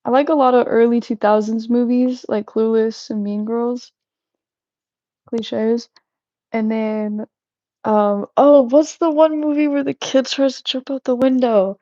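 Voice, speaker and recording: A woman's voice: on the high side, fairly even intonation, unhurried, warm tone, dry recording. A young woman hosting a live stream, chatting casually and rambling with frequent restarts and giggles. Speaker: livestream host. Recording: dull lo-fi live-stream audio.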